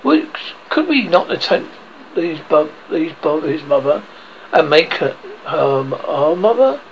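A man's voice: on the high side, very animated, measured pace, lo-fi sound, slight background noise. A man voicing Smee, a simple, eager pirate sidekick who speaks in a raised voice.

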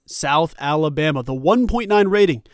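High-voiced, emphatic sports show host. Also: male voice, moderate pace, no room sound, clean studio sound. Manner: animated, emphatic, sarcastic. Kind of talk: college football commentary.

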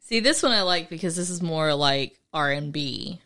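A woman's voice: low-pitched, animated, moderate pace, sharp tone. A woman co-hosting a podcast in casual chat, giving brief replies and laughing easily. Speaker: podcast co-host.

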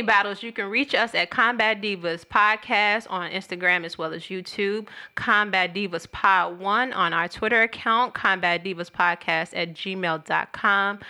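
A woman's voice: medium pitch, pushed and bright. A woman co-hosting a podcast, chatting casually and playfully, laughing often. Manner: playful, laughing, acting out quotes. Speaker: podcast co-host.

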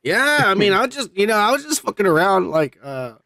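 A podcast host, a man who is high, rambling loosely in casual chat and swearing a lot. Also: very animated, brisk, creaky, pushed and bright, no room sound. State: high on cannabis.

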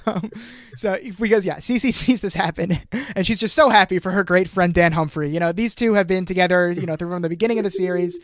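A man's voice: high-pitched, a little fast, no room sound, clean studio sound. A man hosting a podcast, recapping an episode in casual chat and acting out the characters' lines for laughs. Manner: jokey, acts out characters' lines. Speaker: podcast host.

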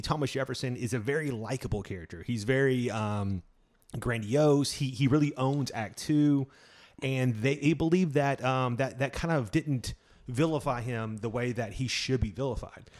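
A man's voice: mid-range voice, moderate pace. A young man chatting casually on a podcast. He jokes and swears freely, and he stumbles and restarts his sentences. He is easygoing and speaks off the cuff. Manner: loose, profane, joking, full of restarts. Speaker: podcast co-host. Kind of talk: casual chat.

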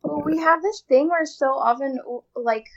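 A woman's voice: sits high, moderate pace, dull audio. A woman in casual conversation, making an earnest point with long lists of examples. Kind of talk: casual chat.

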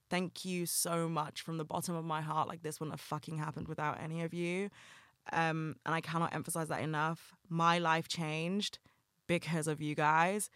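A man talks alone into a podcast mic, candid and earnest, dropping swear words easily. His voice is smooth, clear and rather bright, sitting a touch high. His delivery stays fairly level in pitch. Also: dry recording, studio quality. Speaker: podcast host. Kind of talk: casual solo podcast talk.

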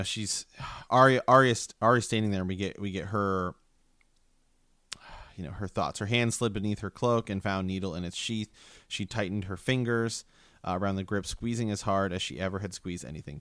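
A man's voice: on the low side, a bit bright, smooth, no echo. A man reading a novel aloud in a casual book chat, hesitant, with fillers and restarts. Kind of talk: casual book discussion with read-aloud passages.

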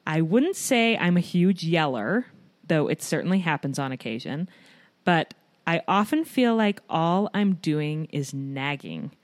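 A woman's voice: sits low, animated, measured pace, dry recording. A woman in her thirties hosting a podcast for moms, reading a scripted opening with light humor. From United States. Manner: warm, reads a written intro with light self-deprecating humor. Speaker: podcast host.

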